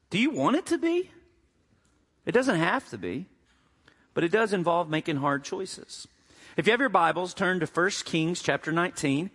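A man preaching a sermon as pastor, an animated storyteller who jokes and acts out the quotes. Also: a little high, big-room sound.

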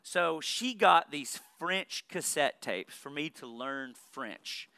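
A man's voice: fairly high pitch, expressive, slow, bright, forceful tone, no room sound. A man in his thirties from Saline County in the United States, preaching a sermon with earnest points and humorous personal stories. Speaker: pastor.

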